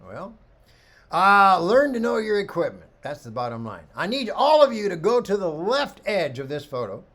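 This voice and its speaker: Middle-aged male photography instructor, fairly high voice, very animated delivery. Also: moderate pace. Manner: animated storyteller, acts out quoted voices. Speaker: photography workshop teacher. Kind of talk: lively photography talk with anecdotes.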